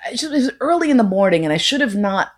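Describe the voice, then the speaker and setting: A woman telling a bawdy story live, with frank profanity and lively acted-out dialogue. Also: mid-range voice, very fast. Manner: profane, animated, acts out quoted voices. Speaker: storyteller guest.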